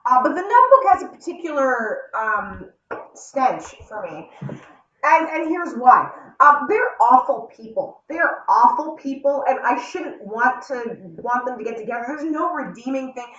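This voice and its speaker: A woman co-host talks bluntly and with emphasis in a high, lively voice. She sounds a little far from the mic, in an echoey room, and the sound is dull. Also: normal speed. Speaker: podcast co-host. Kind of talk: casual chat.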